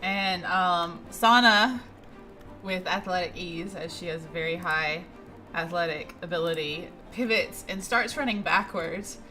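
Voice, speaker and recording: A woman's voice: on the low side, measured pace, music in the background. A woman playing in a tabletop game, describing her character's actions in detail. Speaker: player.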